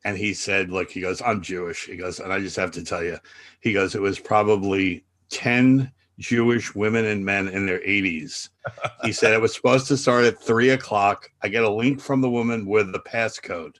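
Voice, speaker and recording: A man co-hosting a radio chat, telling a funny story with animated delivery and acting out the people in it. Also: fairly low pitch, normal speed. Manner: animated, acts out voices in his stories. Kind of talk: comic storytelling.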